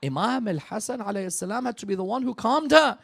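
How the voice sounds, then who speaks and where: Animated, dramatic male preacher. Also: high-pitched, fast, vocal fry, breathy edge. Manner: dramatic storytelling, swings from hushed to loud. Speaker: preacher at a religious gathering. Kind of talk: sermon.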